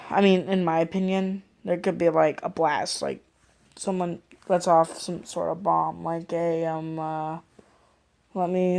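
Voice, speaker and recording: Reaction host, woman, lower register, casual and rambling, thinks out loud. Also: steady tone, unhurried, gravelly. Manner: rambling, thinking aloud with many fillers.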